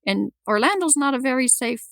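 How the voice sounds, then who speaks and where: A woman guest recounting something that happened to her, talking in a gravelly, creaky voice. She often restarts and repeats words mid-thought. The sound is close and dry. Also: sits high, animated, a little fast, a bit bright, dry recording. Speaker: podcast guest telling her story. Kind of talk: personal storytelling.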